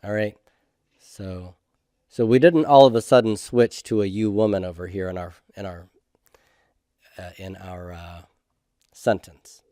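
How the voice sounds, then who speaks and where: Slow, methodical male Hebrew teacher. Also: on the low side, steady tone, dark tone, no room sound, studio quality. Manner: slow, methodical, checks in with "okay?". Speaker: Hebrew instructor. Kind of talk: classroom grammar lecture.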